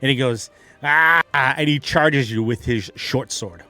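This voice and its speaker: A man narrating a tabletop game as game master, animated and quick to laugh. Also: mid-range voice, faint music behind.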